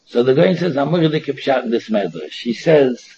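A man's voice: mid-range voice, lively intonation, normal speed, vocal fry, warm tone, slightly rough. A man giving a Torah lecture, emphatic and repetitive with a sing-song study cadence. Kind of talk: Talmud lecture mixing Yiddish and Hebrew terms. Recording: dull lo-fi recording.

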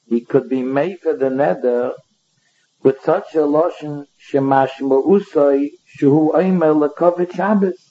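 A man teaches a Talmud study lesson. His voice sits fairly high but has a mellow, warm tone. He reads passages aloud and works through them line by line, on a dull, lo-fi recording. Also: a little slow.

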